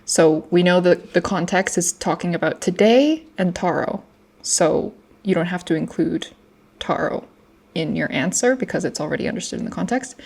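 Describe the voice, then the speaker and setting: A woman's voice: fairly low pitch, animated, moderate pace, creaky, a little mellow, breathy edge. A young woman casually explaining grammar from her own study notes, chatty, with lots of fillers and restarts. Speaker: language learner explaining grammar.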